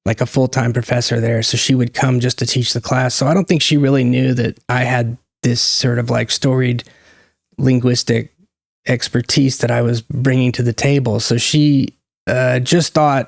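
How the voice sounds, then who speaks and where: A man's voice: mid-range voice, flat delivery, moderate pace, gravelly, no echo, studio quality. A man hosting his own channel, talking in a loose, rambling monologue with joking asides that break off and restart mid-thought. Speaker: channel host. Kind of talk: casual monologue.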